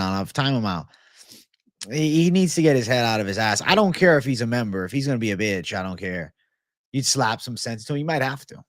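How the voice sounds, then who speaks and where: A man's voice: mid-range voice, no echo, studio quality. A man hosting a casual livestream and answering viewer comments in a blunt, laid-back, profane way. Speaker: livestream host.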